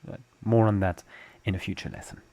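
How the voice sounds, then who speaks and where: A man's voice: sits low, fairly even intonation, a little fast, creaky, mellow. A young adult man with a French accent, teaching a language lesson and patiently explaining step by step with examples. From France.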